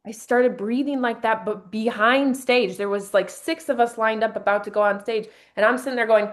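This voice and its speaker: A woman's voice: fairly high pitch, fairly even intonation, moderate pace, few pauses. A woman leading a motivational workshop, talking to a group and guiding them through breathing exercises in an upbeat way. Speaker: team leader running a workshop.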